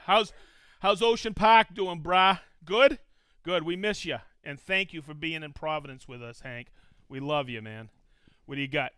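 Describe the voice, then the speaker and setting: A man's voice: a little high, normal speed, pushed and bright, clean tone, no room sound, clean studio sound. An enthusiastic man hosting a casual live stream, chatting and calling out viewers' locations one after another. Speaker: host of a live tool show.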